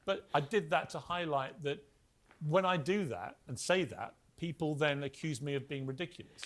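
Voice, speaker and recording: A man's voice: on the high side, normal speed, a bit bright. A man hosting a TV studio debate, speaking emphatically and cutting in on his guests. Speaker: TV host.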